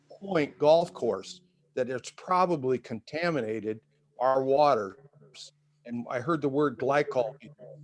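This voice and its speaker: An older man giving an indignant, emotional public comment over a video call, halting and repeating himself. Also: medium pitch.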